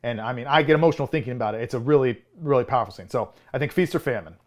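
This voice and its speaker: A man's voice: medium pitch, rapid-fire. A man in his thirties co-hosting a film podcast in casual chat, rambling with frequent restarts and chuckles. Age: 30s. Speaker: podcast co-host.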